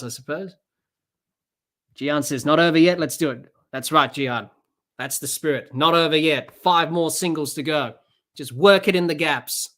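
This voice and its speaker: A woman hosting a live cricket watch-along podcast, excitable as she calls the play and answers viewer chat. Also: sits low. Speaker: podcast host.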